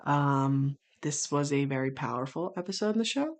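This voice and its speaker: A woman streaming casual commentary, swearing freely, sometimes breaking into loud exasperated rants and sometimes rambling thoughtfully with many restarts. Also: deep voice, animated, normal speed.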